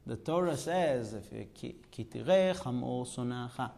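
A man's voice: mid-range voice, animated, moderate pace, gravelly, darkish tone. A man teaching a Talmud class, explaining texts and asking rhetorical questions. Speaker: religious teacher.

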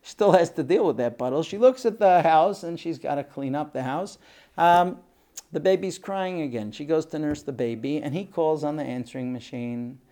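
A man giving a talk and telling a lively story, acting out voices along the way. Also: a little high, moderate pace. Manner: animated storyteller, acts out voices. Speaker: speaker.

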